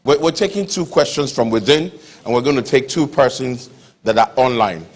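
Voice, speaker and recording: A man acts as master of ceremonies, courteous and formal. His voice sits at an ordinary middle pitch for a man. He sounds like he is speaking in a lecture hall. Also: moderate pace. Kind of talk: formal event hosting.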